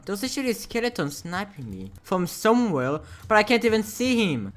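Excitable young guy yelling over gameplay. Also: sits high, normal speed, hardly any pauses, soft background music. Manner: excitable, yelps and laughs, casual slang. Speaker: gaming YouTuber. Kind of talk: Minecraft gameplay commentary.

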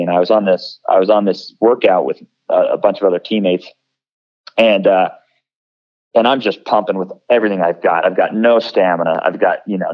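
A man's voice: sits low, dull audio. A man in his thirties, a former college football player, telling stories in an interview, with many restarts and fillers. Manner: halting, many restarts and fillers, lively when quoting others. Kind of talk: conversational interview storytelling.

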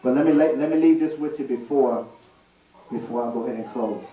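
A man preaching a storytelling sermon, animated and laughing through a comic story. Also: medium pitch, fairly quick, phone-quality sound, soft background music. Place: church sanctuary. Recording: echoey church room, mic at a distance.

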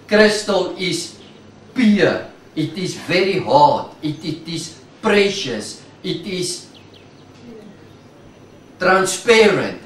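Emphatic preacher with a high, lively voice. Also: male voice, slight background noise. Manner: emphatic, repeating key words, drawn-out phrases. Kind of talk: sermon. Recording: echoey room, mic at a distance.

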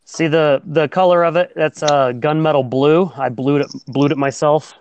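A man talks loosely about his handiwork on a group video call. His voice sits a bit high, and other voices chatter steadily underneath. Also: fairly even intonation, normal speed, highs cut off. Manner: rambling, restarts, laughs often. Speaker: guest showing his crafts. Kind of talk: casual group chat.

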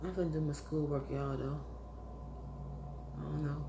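A woman vlogger rambling in a casual monologue, musing and swearing, sighing often and sometimes dropping into soft whispers. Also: sits low, fairly even intonation, moderate pace, creaky. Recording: echoey room with background noise.

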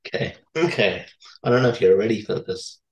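A man's voice: lowish voice, a little fast. An Australian man chatting casually as a podcast guest, rambling with lots of "uh" and restarts. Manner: rambling with many fillers and restarts. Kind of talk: casual chat.

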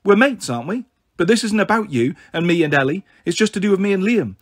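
A man's voice: high-pitched, animated, fast, pitched above the performer's own voice. A man reading aloud and voicing an upset thirteen-year-old girl who talks hesitantly and tearfully. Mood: defensive. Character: upset teenage girl, anxious and pressured.

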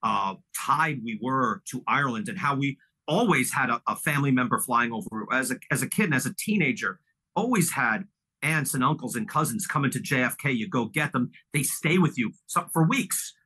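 Middle-aged man from Long Island; interview guest; loose, meandering storyteller with a bright, forceful voice. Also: mid-range voice, animated, normal speed, husky, poor audio. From Long Island, New York. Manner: rambling, full of "you know" fillers and restarts. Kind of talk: casual reminiscing conversation.

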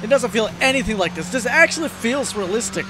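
A man hosting a let's play of a racing game, excitable, yelping and cursing at the game and joking about his own driving. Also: extremely high pitch, fast. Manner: self-deprecating joking. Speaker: gaming video host. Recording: game music behind.

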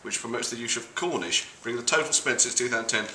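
A man's voice: mid-range voice, fast talker, roomy sound, noisy background. A middle-aged man guesting on a casual comedic chat, telling stories with dry wit.

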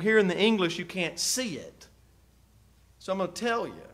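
High-voiced preaching pastor, soft to loud. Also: male voice. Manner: preacher's rhetorical questions, swings from soft to loud. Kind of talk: sermon.

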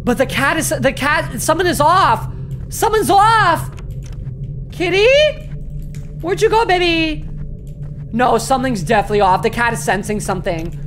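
High, shrieking woman streamer. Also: sing-song, normal speed, pauses often, background noise. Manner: panicky, swearing, shrieking repeated exclamations. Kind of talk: live horror game commentary. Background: game music.

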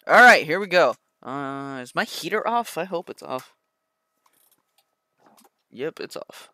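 A young man streaming a flight combat game, talking to his viewers in an excitable, rambling way. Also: sits high, unhurried, clean tone, no echo. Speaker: gaming streamer. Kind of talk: live gameplay commentary.

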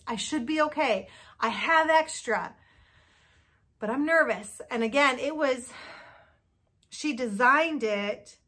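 Chatty bright-voiced woman fretting over her knitting. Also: a little high. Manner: chatty and self-doubting, many fillers. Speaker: knitting podcast host. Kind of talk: casual chat to camera.

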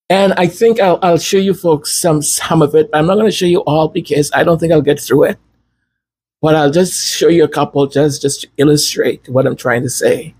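A man's voice: a little high, moderate pace, a little mellow, breathy edge, poor audio. A man hosting a commentary channel, talking in a casual, earnest and heartfelt way, often restarting as he searches for words. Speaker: royal commentary channel host.

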